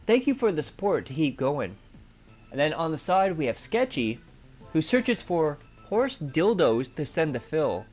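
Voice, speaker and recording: A man's voice: on the high side, big pitch swings, unhurried, a little mellow, soft background music. A man hosting a drama commentary channel, sarcastically recapping a streamer's clips. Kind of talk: narrating commentary over clips.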